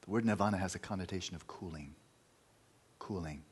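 Man, meditation teacher, very low husky voice, emphatic dharma talk with soft whispered passages. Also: a little fast. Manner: emphatic, repeating key words, dropping to near-whispers.

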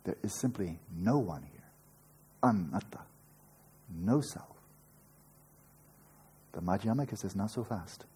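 Deep mellow-voiced older man teaching. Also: animated, takes it slowly, pauses often, husky. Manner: earnest, playful asides, rhetorical questions. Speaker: meditation teacher. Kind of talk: dharma talk to retreat students.

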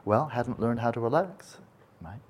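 A male meditation teacher giving a dharma talk at a retreat, telling a parable in a folksy, animated way with casual asides. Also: medium pitch, a little slow, slightly rough.

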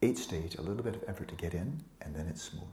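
Low-voiced guy teaching meditation, laid back and teasing, goes soft and whispery, roomy echo. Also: fast talker, slight background noise. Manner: relaxed, playful, often dropping to a soft whisper; teases students by name. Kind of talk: dharma talk to a retreat group. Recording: echoey room with faint ambience.

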